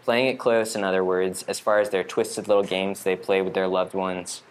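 A man's voice: low voice, little pitch movement, moderate pace, clean tone. A man performing a first-person monologue in a wry, rambling, conversational way. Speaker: storyteller.

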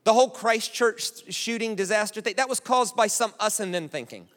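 An American man preaching a sermon in a chatty, animated way, often checking in with the crowd. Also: high voice, normal speed. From United States. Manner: conversational, animated, keeps asking "right?". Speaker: pastor. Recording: long hall reverb.

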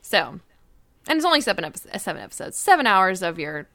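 A woman hosting a casual talk show, chatty and quick to laugh. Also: medium pitch, big pitch swings, a bit bright, no room sound. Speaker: podcast host. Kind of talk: casual chat.

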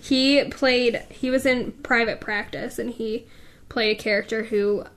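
Higher-voiced woman co-hosting a podcast, soft and agreeable. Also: steady tone, measured pace. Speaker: podcast co-host. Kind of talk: casual podcast chat.

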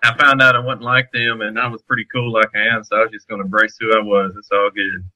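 A man's voice: lowish voice, level tone, fast, pushed and bright, poor audio. A man from Alabama with a Southern accent, teasing and joking in a casual podcast chat. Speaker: podcast panelist.

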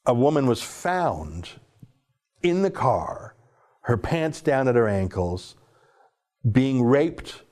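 A man's voice: medium pitch, sing-song, slow, pauses often, a little mellow. A man giving sarcastic, indignant opinion commentary while someone scrolls through articles for him. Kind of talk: opinion commentary reading from a screen.

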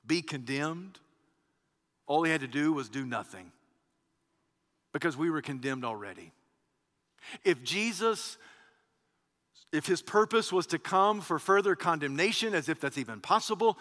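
A male pastor delivers an emphatic sermon in a high, bright, forceful voice, hammering home repeated phrases and dropping at times to a near hush. The sound rings out with a long reverb, as in a large church sanctuary. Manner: emphatic preaching with repeated phrases and wide swings in loudness.

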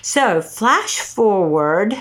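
A middle-aged woman from North Carolina with a Southern accent, casually telling a ghost story in animated fashion, acting out the dialogue. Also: medium pitch, drawn-out words. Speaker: guest storyteller.

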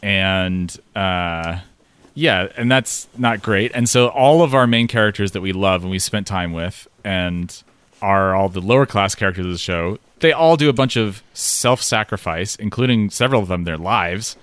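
A man's voice: low voice, moderate pace, clear, resonant tone, dry recording. A man chatting casually as a co-host, rambling with fillers, swearing and laughing as he critiques. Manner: rambling, profane, animated with laughs.

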